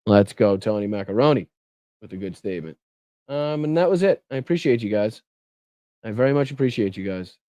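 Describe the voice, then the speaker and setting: Rambling, foul-mouthed livestream host. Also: male voice, fairly low pitch, animated, brisk, dark tone, dry recording. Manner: rambling, swears freely, thanks viewers. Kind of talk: casual live chat reading comments.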